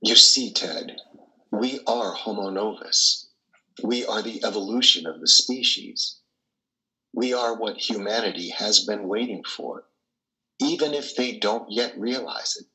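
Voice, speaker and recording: An actor playing a cold visionary transhuman leader, speaking in a solemn, measured, persuasive way. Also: male voice, lowish voice, pushed and bright, heavily acted, rough recording. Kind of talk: audio drama reading.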